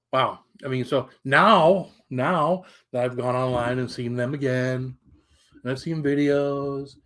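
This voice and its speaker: Hosting a relaxed live stream, this middle-aged man tells a meandering story with a fairly bright, mid-pitched voice. Colorful swearing pops up occasionally, and he pauses to say hello to viewers.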